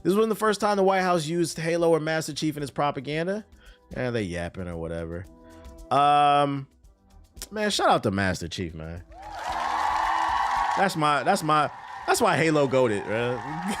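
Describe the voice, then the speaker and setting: A man streaming live, giving casual, profane, animated commentary on news, his voice a bit tired. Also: fairly high pitch, moderate pace, long pauses, over music.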